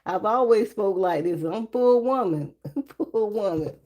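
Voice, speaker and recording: A woman's voice: animated, a little slow, darkish tone, a little hiss or hum. A woman reading tarot on a casual live stream, chatty and laughing often as she talks to her viewers. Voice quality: naturally deep voice. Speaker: livestream tarot reader.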